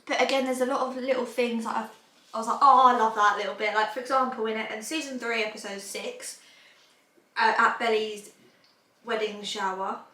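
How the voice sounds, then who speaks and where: A woman's voice: a little high, fairly even intonation, moderate pace, fairly bright tone. A woman, hosting a casual podcast and rambling in a chatty way. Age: 20s. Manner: chatty, rambling, laughs often. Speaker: podcast host. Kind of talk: casual chat. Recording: roomy room, mic at a distance.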